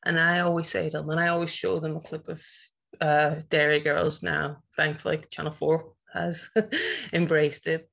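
A woman's voice: low-pitched, vocal fry. A woman in her forties with a Northern Irish accent, a teacher giving a passionate, emphatic personal talk at a presentation. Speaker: teacher and conference speaker.

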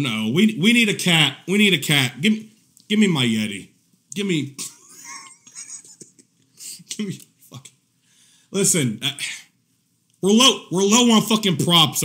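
Animated, high-voiced mocking male vlogger. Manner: profane, animated, mocking, laughs often. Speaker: commentary vlogger. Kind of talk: casual reaction commentary.

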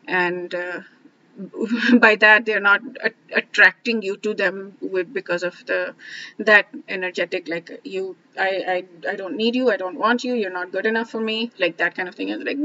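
A woman talking through relationship advice in a casual, reflective monologue, often restarting and trailing off softly. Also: medium pitch, muffled recording. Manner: thoughtful, many restarts and asides, trails off softly. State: briefly emotional, near tears. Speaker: self-help vlogger.

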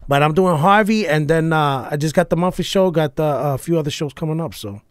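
Profane comedian guest, slightly high voice. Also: male voice, fairly quick, dry recording, studio quality. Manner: profane, animated, punchy delivery. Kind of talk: casual storytelling chat.

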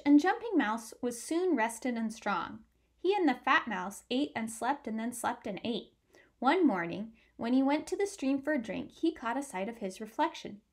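A woman reading a picture book aloud with clear, expressive storytelling. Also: high-pitched.

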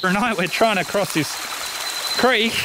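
A man's voice: sits high, unhurried, heavy background noise. A man with an Australian accent hosting a wildlife vlog outdoors by a creek at night, chatty and calling the animals mate. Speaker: wildlife vlogger host. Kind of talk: casual field narration. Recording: outdoor recording with loud insects. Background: crickets and insects.

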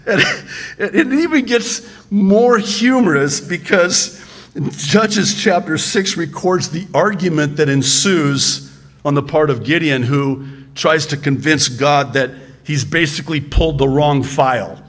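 A man's voice: on the high side, expressive, unhurried, fairly bright tone. A male pastor preaching a sermon in a conversational, humorous way, often restarting his sentences with a stammer.

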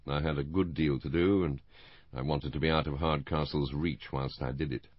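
A man narrating an audiobook in a measured first-person storytelling manner. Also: very deep voice, steady tone, no echo, dull audio.

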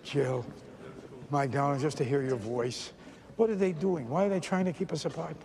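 An actor plays an intense, volatile male stage star who is lovesick on a phone call, swinging from low, brooding menace to shouting. His tone is steady with vocal fry at normal speed, and the mood comes across as tender.

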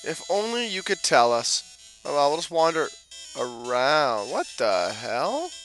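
Bright-voiced wisecracking gamer man. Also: on the high side, animated, a little slow, faint music behind, rough recording. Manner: wisecracking, swears, talks to game characters. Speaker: let's play commentator. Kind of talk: casual gameplay commentary.

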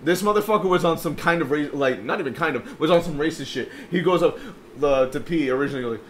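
A man's voice: a little high, fast talker, fairly bright tone, a little hiss or hum. A man co-hosting a podcast, telling a story in casual, profane chat and acting out the quoted voices. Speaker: podcast co-host.

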